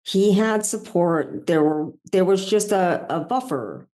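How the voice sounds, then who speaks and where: Woman guest, supportive and playful, very expressive pitch, conversational. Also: measured pace. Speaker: podcast guest, plant medicine facilitator. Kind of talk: conversational interview chat.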